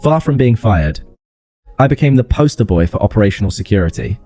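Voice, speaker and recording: A man narrating a first-person story in a flat, calm, matter-of-fact way. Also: lowish voice, a little fast.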